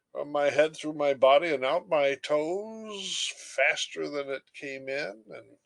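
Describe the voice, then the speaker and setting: A man's voice: medium pitch, a bit bright. A man giving a recorded lecture, telling everyday stories in an emphatic, storytelling way.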